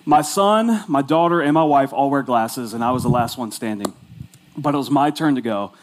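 A man's voice: medium pitch, normal speed, a little hiss or hum. Chatty, self-mocking man in his forties. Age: 40s. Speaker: pastor. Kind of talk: humorous storytelling sermon.

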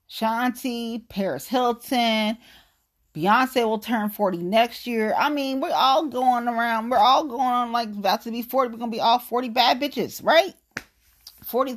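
A woman in her late thirties with an African American English accent, ranting about politics in a blunt, profane, fired-up way. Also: on the high side. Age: 30s. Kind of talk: casual political rant.

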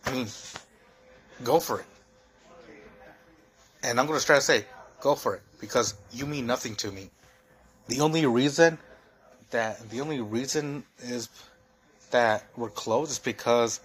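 Husky young man ranting. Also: mid-range voice, unhurried, pauses often, fairly bright tone. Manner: heated, profane, rambling with many fillers. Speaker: podcast host. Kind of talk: solo podcast rant.

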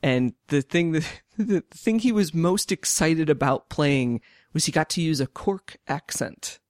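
A man with a slightly high voice chats casually as a podcast co-host, trailing off and restarting as he goes. His lines laugh along easily. The sound is close and dry, with no room around it. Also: unhurried, no echo. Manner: chatty, stumbling restarts, laughing often. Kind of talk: casual film chat.

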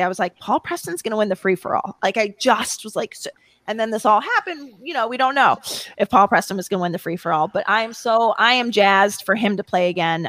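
A woman chatting as a podcast guest, talking in rambling bursts with many restarts and quick laughs. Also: medium pitch, fairly bright tone, no room sound. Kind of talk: casual podcast chat.

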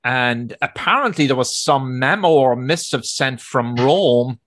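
Male interviewer, measured delivery, mid-pitched, sets up questions with context. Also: fairly bright tone.

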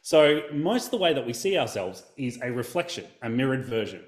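A man talking as a guest in a casual podcast interview, animated and storytelling. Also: mid-range voice, brisk, roomy sound. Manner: animated, storytelling, acts out quotes. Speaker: guest, video coach.

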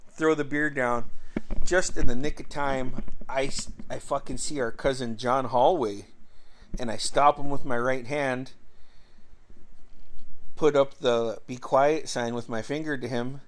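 A middle-aged man spinning a casual story at an unhurried, drawn-out pace. His voice sits at an ordinary pitch, and his manner is laid-back and salty, with frequent soft chuckles. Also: fairly even intonation. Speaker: vlogger.

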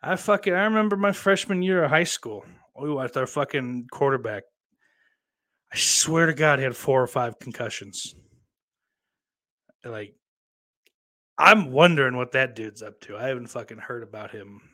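A man's voice: mid-range voice, lively intonation, normal speed, long pauses, sharp tone. Profane rambling male streamer. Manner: profane, rambling, swings from ranting to subdued. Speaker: streamer host. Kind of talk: casual live-stream commentary.

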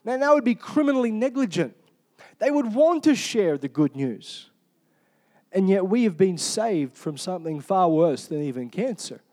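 Aussie guy preaching, pretty high voice, upbeat and joking, keeps asking amen. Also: normal speed. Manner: energetic, humorous, asks the congregation "Amen?". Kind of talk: sermon.

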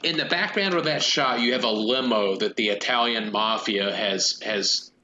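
A man riffs through a casual, comedic movie chat, rambling and breaking into goofy villain impressions. His voice is bright and sharp. The recording sounds echoey and a little dull. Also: mid-range voice, moderate pace, slight background noise. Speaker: podcast co-host.

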